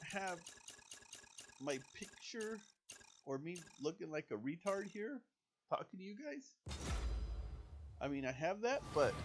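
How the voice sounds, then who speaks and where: A man chatting casually over a video game, excitable and self-deprecating. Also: high voice, slight background noise. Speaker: gaming YouTuber. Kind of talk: casual gameplay commentary.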